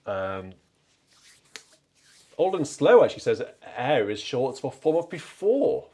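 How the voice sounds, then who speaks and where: A man's voice: mid-range voice, very animated, slow, a little mellow. A man from the north of England hosting a casual livestream from an organ, reading viewer comments and chatting to himself while he picks out stops. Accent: English, mild Northern trace. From North Derbyshire and South Yorkshire, England. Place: church with organ.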